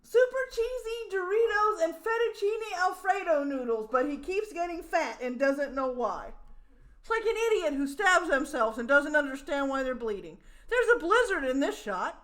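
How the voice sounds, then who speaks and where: A woman's voice: very high voice, lively intonation, normal speed, fairly bright tone. A woman streamer in a casual, profane rant, mocking and exasperated as she reacts to a clip.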